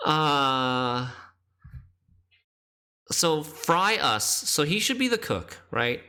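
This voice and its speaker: A man's voice: mid-range voice, animated, drawn-out words, long pauses, sharp tone. A man streaming a game, chatting casually and thinking aloud as he plays, often laughing.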